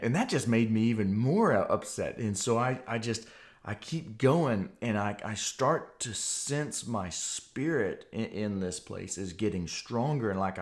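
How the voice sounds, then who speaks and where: Earnest low-voiced man telling a story. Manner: earnest, animated retelling. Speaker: podcast host. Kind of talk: personal testimony storytelling.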